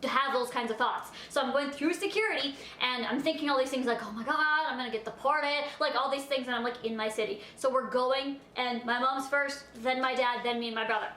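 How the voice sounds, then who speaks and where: A high-pitched young-sounding woman rambles through a storytime vlog, chatty and animated, packing in filler words. Her voice rings in an echoey room. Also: a little hiss or hum. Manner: animated, acts out her own reactions. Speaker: vlogger.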